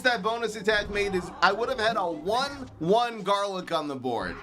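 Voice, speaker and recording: A man with a light New York-tinged East Coast accent, streaming a card game and thinking aloud in excitable, laughing commentary. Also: high-pitched, moderate pace, few pauses, faint music behind.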